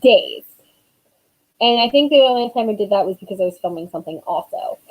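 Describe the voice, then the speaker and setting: A woman's voice: medium pitch, expressive, brisk, rough recording. A woman in her thirties, an author chatting casually on a live stream, rambling with lots of fillers.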